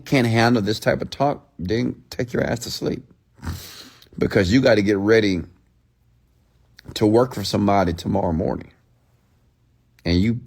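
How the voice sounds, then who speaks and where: A man's voice: fairly low pitch, creaky, a little mellow. A man giving a blunt, profane late-night motivational rant, mocking people in a raised voice as he quotes their excuses. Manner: mimics others in a raised voice. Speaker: motivational speaker.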